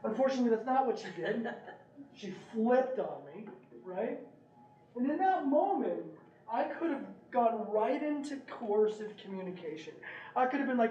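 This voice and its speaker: Middle-aged man, animated talk to parents, roomy distant recording. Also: very high-pitched, normal speed, lo-fi sound. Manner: animated, asks the audience "right?". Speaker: speaker at a parent meeting. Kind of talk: presentation with storytelling. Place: meeting room.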